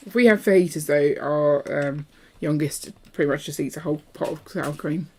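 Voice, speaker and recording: A woman's voice: sits low, moderate pace, a little hiss or hum. A woman, chatting playfully during a live stream and reading out viewer messages. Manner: playful, chatty, jumps between topics; reads viewer messages aloud. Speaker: co-host of a live building stream. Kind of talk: casual chat while building and reading chat.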